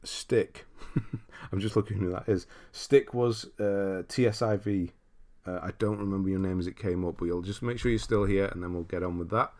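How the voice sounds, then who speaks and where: A man's voice: low-pitched, fairly even intonation, moderate pace, a little mellow. A man from Britain hosting a casual livestream, reading viewer comments aloud and laughing often. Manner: chatty, laughs often, reads chat aloud. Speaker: livestream host.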